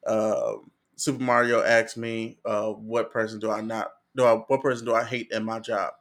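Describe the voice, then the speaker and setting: Profane, animated male podcast host. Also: lowish voice, moderate pace. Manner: profane, animated, acts out what others said. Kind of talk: casual storytelling chat.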